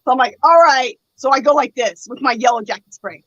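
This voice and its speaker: Woman spinning a wild story, keeps laughing, does everybody's voices, high and bright. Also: brisk, dry recording, muffled recording. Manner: animated, laughs often, acts out quoted voices. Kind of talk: casual storytelling chat.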